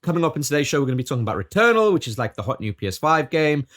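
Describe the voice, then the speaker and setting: A man hosting a casual podcast with a sore throat, rattling through the housekeeping in a quick radio-host manner with stumbles. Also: a little high, sing-song, a bit bright.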